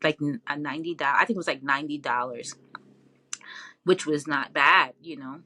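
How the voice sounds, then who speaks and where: A woman telling her story as an interview guest in a casual, animated way, often laughing and raising her voice when she quotes herself. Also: deep voice, a little fast. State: tearful at times.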